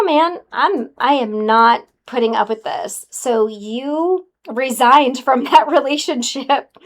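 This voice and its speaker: A woman giving a casual, sassy spiritual card reading to the viewer, calling them honey. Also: on the high side. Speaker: tarot card reader.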